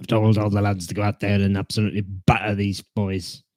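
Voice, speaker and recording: Gruff gravelly football manager rallying his lads, a guy putting it on, low and dark. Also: level tone, a little fast, no room sound, clean studio sound, lightly acted.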